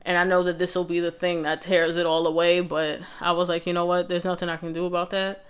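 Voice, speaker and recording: A woman's voice: lowish voice, little pitch movement, fast talker, smooth. A young woman vlogger telling a personal story in a casual, conversational way, with lots of fillers and restarts.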